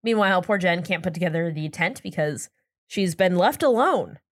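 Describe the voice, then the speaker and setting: A woman's voice: fairly low pitch, normal speed, no echo, clean studio sound. A woman co-hosting a casual podcast, summarizing plot points with frequent laughter. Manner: giggly, animated, reads plot summaries. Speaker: podcast co-host. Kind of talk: casual recap chat.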